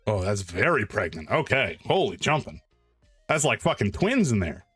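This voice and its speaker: A man hosting a charity live stream, chatting casually while he draws and thanking donors in an excitable, joking way. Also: on the low side, moderate pace, breathy edge, dry recording, soft background music.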